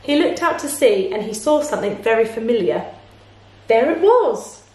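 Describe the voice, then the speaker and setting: A woman teacher reading a children's storybook aloud in a playful way, pausing to ask her listeners questions. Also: on the high side, lively intonation. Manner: slow, warm, playful, asks listeners questions. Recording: echoey room.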